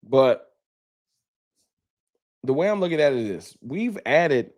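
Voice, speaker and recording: A man's voice: on the high side, sing-song, slow, a little mellow. A man hosting a casual sports fan livestream, talking loose and slangy as he reads out viewer donations. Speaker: fan talk show host.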